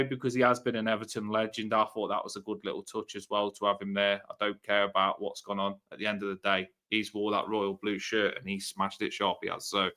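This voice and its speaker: A man hosting a casual post-match fan stream, chatty and swearing freely. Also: fairly low pitch. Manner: chatty, swears freely, loud bursts when wrapping up. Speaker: fan channel host.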